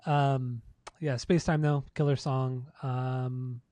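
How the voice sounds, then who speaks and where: A man's voice: medium pitch, flat delivery, takes it slowly, dark tone, no echo. A man co-hosting a podcast in casual chat, laid-back, swearing freely and laughing often. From United States. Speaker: podcast co-host.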